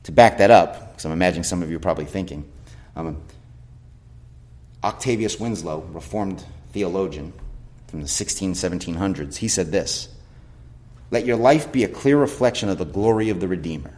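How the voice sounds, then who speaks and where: A man's voice: deep voice, a little fast, pauses often, darkish tone. A man preaching a sermon as pastor, emphatic, with rhetorical questions and quoted scripture.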